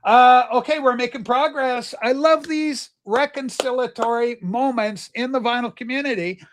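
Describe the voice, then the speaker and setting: A man's voice: extremely high pitch, normal speed, a little hiss or hum. A man hosting a casual livestream chat, teasing and exclaiming as he talks. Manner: exclaims "holy smokes", teasing. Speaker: livestream host. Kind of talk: casual banter.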